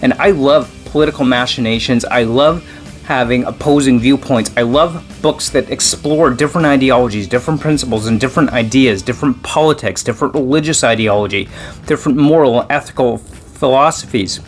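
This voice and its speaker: A man in a casual solo vlog, chatting at an everyday middle pitch. He rambles, circles back on himself, and now and then breaks into animated exclamations. Faint music plays softly underneath. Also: a little fast. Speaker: book vlogger host.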